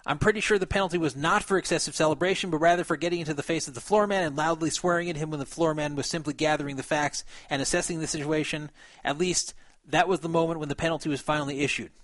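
Guy on a podcast reading out a story then riffing on it, bit high voice, dead dry sound. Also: fairly bright tone, no room sound. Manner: reads aloud then comments with fillers and laughs. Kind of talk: casual chat reading and discussing a written account.

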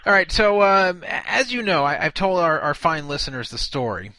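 A man's voice: a little high, big pitch swings, moderate pace, pushed and bright, no echo. Exasperated male radio host, dry sound. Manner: exasperated, stammering restarts. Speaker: show host. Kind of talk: comedic radio talk.

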